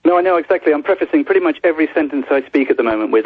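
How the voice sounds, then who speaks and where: Fast-talking man on a phone line. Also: fairly high pitch, lively intonation, breathy edge, no room sound. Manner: rapid, breathless storytelling with many restarts. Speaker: guest journalist. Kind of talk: phone-in interview storytelling.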